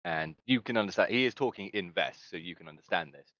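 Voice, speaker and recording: Deep-voiced man rambling as game master. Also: very animated, fast, gravelly, fairly bright tone, no room sound, lo-fi sound. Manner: rambling, hesitant, with fillers and laughs. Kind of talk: narrating a tabletop game.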